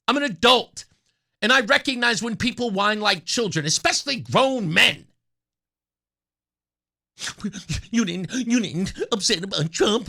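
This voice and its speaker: High-voiced mocking talk radio man. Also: sharp tone. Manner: mocking, puts on whiny voices to ridicule opponents. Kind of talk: opinionated talk radio monologue.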